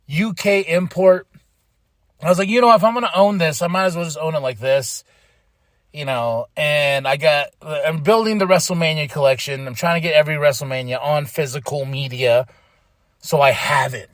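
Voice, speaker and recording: A man hosting a podcast, rambling excitedly through a casual wrestling recap, laughing and losing his train of thought. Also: mid-range voice, no echo, studio quality. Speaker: podcast host.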